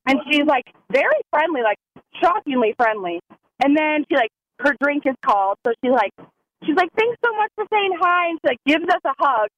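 A young woman telling a story in casual chat, excitable and full of "like"s. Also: high-pitched, a little fast, poor audio. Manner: excitable, many "like"s.

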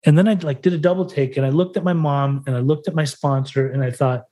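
A man's voice: a little high, steady tone, fast talker, dark tone. A man from the United States talking openly and emotionally as a podcast guest, swearing freely and acting out the dialogue as he tells his story. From United States (Salt Lake City). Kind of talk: candid personal storytelling in conversation.

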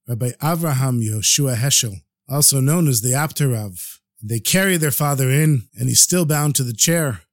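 A man narrating a story for a podcast in a lively, animated way. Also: mid-range voice, dry recording, clean studio sound.

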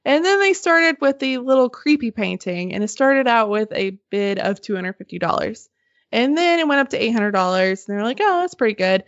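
A woman casually telling a story on a podcast, animated and swearing freely, laughing as she goes. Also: a little high, brisk, no room sound. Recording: slightly muffled dry podcast audio.

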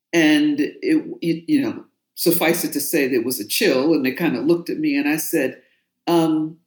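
A woman's voice: low-pitched, a little slow, a little mellow. Woman from new york telling a story in an interview, blunt and emphatic, bit of room echo. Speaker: author and guest. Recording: roomy echo.

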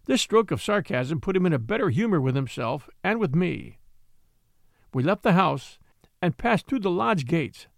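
A man reads a classic novel aloud with measured, expressive storytelling. His fairly high voice moves up and down a great deal, and the sound is dry and close. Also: gravelly, dry recording. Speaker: audiobook reader.

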